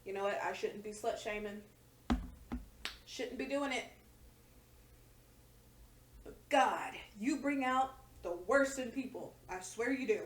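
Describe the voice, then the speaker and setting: Woman, reaction host, fairly high voice, blunt, swears a lot, exasperated. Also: unhurried, pauses often, heavy background noise. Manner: blunt, profane, exasperated ranting. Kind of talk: casual reaction commentary.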